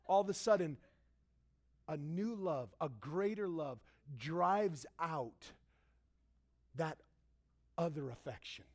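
A young man preaching a sermon as pastor, animated, acting out quotes and swinging between loud and hushed. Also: on the high side, slow pace, long pauses.

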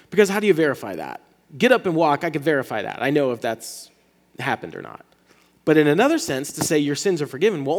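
A man preaching a sermon as pastor, talking in a casual, animated way and often restarting his words. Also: on the high side, long reverb tail.

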